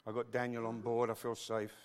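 A man preaching a sermon as pastor, animated and joking, with frequent asides to his congregation. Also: medium pitch, fairly quick.

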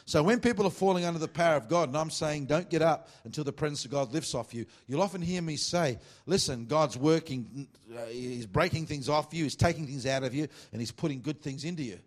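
A man preaches as pastor in a slightly high voice, combining emphatic delivery with playful, teasing jokes aimed at the congregation. Scripture is read slowly and with deliberation.

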